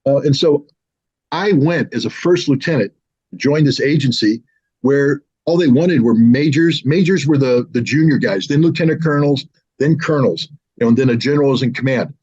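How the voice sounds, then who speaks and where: A man in his sixties from the United States, telling a personal story in a casual, animated way on his own show. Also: mid-range voice, moderate pace, breathy edge. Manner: animated, with lively mimicry of others. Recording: slightly dull lo-fi sound.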